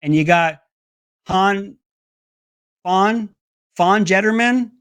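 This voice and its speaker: A man's voice: drawn-out words, a bit bright, smooth, no room sound. A man hosting an opinionated political commentary segment, talking in a mocking, sarcastic way. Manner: mocking, breaks into high mimicking voices.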